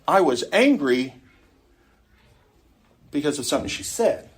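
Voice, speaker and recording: A man's voice: on the high side, sing-song, unhurried, slightly rough. A middle-aged man teaching an adult Sunday school class in a conversational way, often putting questions to the group.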